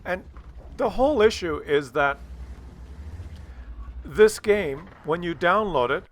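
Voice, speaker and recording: This gaming commentator has a high, animated voice and takes his time. He talks casually over a gameplay video, sounding exasperated and ranting, with lots of filler words.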